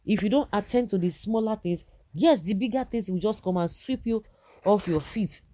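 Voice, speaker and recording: A woman's voice: mid-range voice, lively intonation, normal speed, dark tone. A woman with a Nigerian accent giving indignant political commentary, firing rhetorical questions and restarting her sentences.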